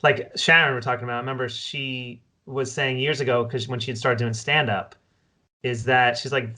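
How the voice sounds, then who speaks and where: A man with a bright, forceful voice hosts a podcast in a relaxed, chatty way. He tells stories and trades quick remarks with his guest. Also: mid-range voice. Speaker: podcast host. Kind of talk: casual podcast interview.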